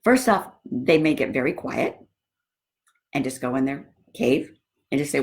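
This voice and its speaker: A woman's voice: deep voice, sing-song, measured pace, creaky, pauses often. A middle-aged woman coaching Christian wives on marriage, chatting casually and acting out little stories with quoted dialogue. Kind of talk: casual talk to women viewers.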